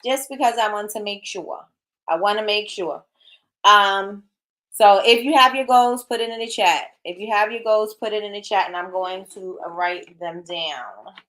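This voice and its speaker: A woman's voice: medium pitch, normal speed, a bit bright. Chatty woman hosting a livestream. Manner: encouraging, chatty, reads viewer comments aloud. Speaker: livestream host. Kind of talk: casual livestream chat.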